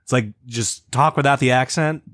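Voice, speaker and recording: A man's voice: mid-range voice, normal speed, a bit bright, no room sound, studio quality. A young man from the American Midwest, co-hosting a podcast in a rambling, filler-heavy casual chat. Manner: rambling, many restarts and fillers. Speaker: podcast co-host.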